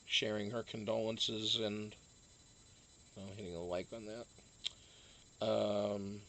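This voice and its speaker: A man's voice: on the low side, flat delivery, slow, a bit bright, a little hiss or hum. A man from Massachusetts, hosting a casual live stream, rambling with many fillers and restarts.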